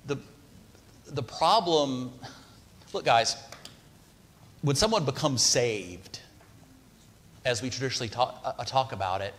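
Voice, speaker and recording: A man preaches a sermon in a church sanctuary, keeping it conversational and often turning questions to the congregation. His voice sits in a middle pitch for a man. The sound carries a long reverb from the hall. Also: measured pace, long pauses, a bit bright, a little hiss or hum. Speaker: pastor.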